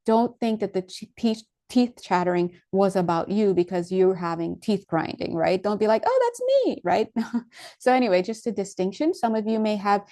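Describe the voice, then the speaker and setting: Woman, spiritual teacher, casual talk to viewers, mellow warm tone, giggly, rambling, loses her train of thought. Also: medium pitch, moderate pace. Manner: rambling, loses her thread and restarts often; giggly, laughs often between phrases.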